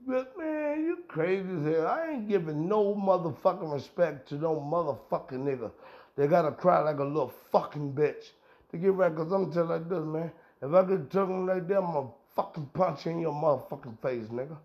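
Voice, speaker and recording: A man's voice: fairly high pitch, lively intonation, moderate pace. A middle-aged man hosting a podcast, ranting in a heated, profane, rambling way. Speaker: podcast host. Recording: dull lo-fi sound.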